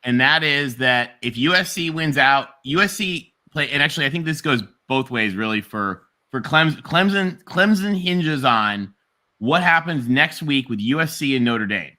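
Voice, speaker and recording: Bright joking man in sports chat. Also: medium pitch, expressive. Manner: joking, quick asides. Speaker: co-host.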